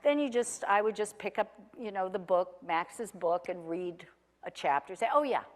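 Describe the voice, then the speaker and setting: A woman's voice: mid-range voice, animated, normal speed, in a large hall. A woman in her forties, a former chef, telling her own story in a chatty, rambling way with self-deprecating humor. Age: 40s. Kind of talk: casual recounted personal story.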